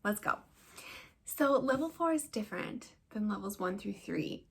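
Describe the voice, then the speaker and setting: A woman's voice: medium pitch, animated, measured pace, vocal fry, husky. A young adult woman giving chatty, upbeat tips as an online English teacher, with frequent fillers. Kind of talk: casual teaching-tips vlog.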